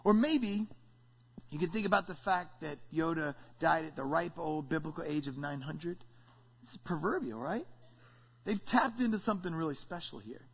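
A man preaching a sermon as pastor, energetic and playful, drawing responses from his congregation. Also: a little high, moderate pace. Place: church sanctuary. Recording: dull sound, long hall reverb.

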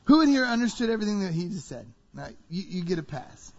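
A man preaching a sermon to a congregation, animated and full of rhetorical questions. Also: high-pitched, fast, vocal fry. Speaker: pastor. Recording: reverberant hall, dull sound.

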